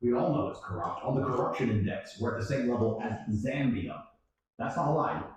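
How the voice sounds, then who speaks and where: A man telling a story in casual chat, profane and animated, acting out other people's lines. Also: mid-range voice, fairly quick, slight background noise. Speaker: guest storyteller. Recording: echoey room, distant mic.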